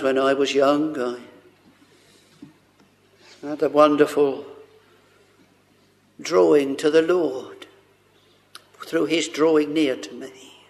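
A man preaching a sermon, speaking haltingly with many fillers and fervent exclamations. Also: a little high, creaky.

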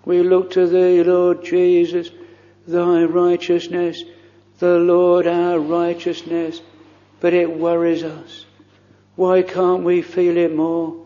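A man prays aloud from the pulpit in old-fashioned formal phrasing, earnest and pleading, his words slow and held to a flat, even line. His tone is mellow and a little higher than most men's. The lo-fi recording carries the long reverb of a church hall. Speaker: minister leading prayer.

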